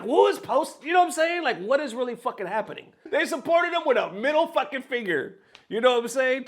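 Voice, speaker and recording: A man's voice: extremely high pitch, a bit bright. A man hosting an esports news vlog, ranting in casual, profane commentary and cracking jokes as he goes.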